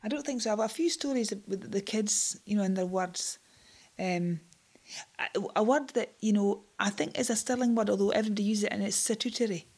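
A woman's voice: medium pitch, fairly quick, darkish tone, breathy edge. A Scottish woman in her fifties, chatting and telling anecdotes in a group interview, laughing often. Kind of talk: casual storytelling chat.

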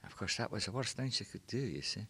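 In a husky, lowish voice with a sharp edge, an older Scottish man talks fast with lively intonation. As part of a reminiscence group, he rambles through old sayings in casual storytelling, chuckling, adding asides, and sprinkling in "you know."

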